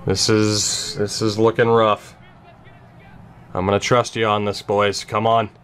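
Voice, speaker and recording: A young man commentating his own football video game, emotional and swearing, going from tense muttering to high yelling. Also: flat delivery, a little slow, a little hiss or hum. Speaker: gaming YouTuber. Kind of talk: gameplay commentary.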